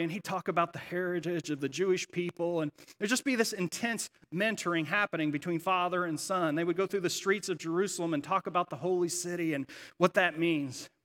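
A middle-aged male pastor preaching a sermon in a church sanctuary, telling stories with animated energy. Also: a little high. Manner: animated storytelling. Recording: echoey hall.

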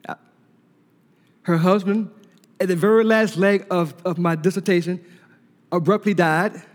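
A man with a high voice preaches to a congregation, and he tells his story with lively energy while acting out the conversations. His voice rings through a large hall with a long, trailing reverb. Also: a little slow. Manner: animated storyteller who laughs and acts out dialogue. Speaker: preacher giving a testimony. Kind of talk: sermon delivered as a personal story.

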